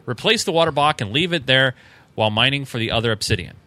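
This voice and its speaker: Man, bright clear voice, casual podcast host, reads emails with lots of uh's. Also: mid-range voice, lively intonation, quick pace. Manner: reads emails aloud with fillers and chuckles.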